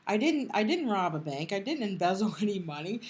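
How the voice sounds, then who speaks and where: A woman's voice: mid-range voice, sing-song. Middle-aged woman telling an emotional story. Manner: emotional, halting with restarts, quoting others. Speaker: podcast co-host. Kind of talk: casual storytelling.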